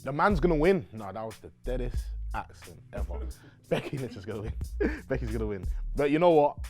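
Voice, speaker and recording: A young man giving quick, upbeat predictions in a casual wrestling chat. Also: on the low side, expressive, mellow, soft background music.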